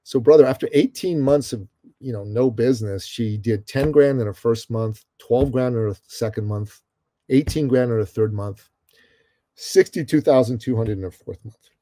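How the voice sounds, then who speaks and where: A middle-aged man from Iran, a guest telling a story in an interview, animated and calling the host brother. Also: medium pitch, moderate pace, dry recording.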